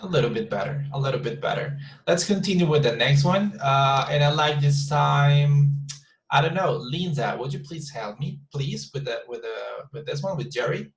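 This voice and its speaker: A man's voice: fairly high pitch, poor audio. Man teaching intonation. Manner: patient, repeats example sentences slowly with shifting stress. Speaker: English teacher. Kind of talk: online class teaching.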